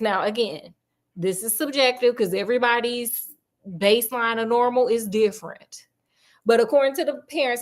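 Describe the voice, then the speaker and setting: A woman host telling a true story in a casual, sassy, chatty way, full of slang asides. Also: fairly high pitch.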